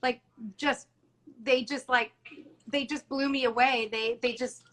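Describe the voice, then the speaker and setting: A woman's voice: high voice, steady tone, measured pace, fairly bright tone, low-quality recording. A middle-aged woman talking earnestly and emotionally in an interview, often retelling conversations. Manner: earnest and emotional, many restarts and quoted dialogue. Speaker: salon owner guest. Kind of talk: candid interview talk.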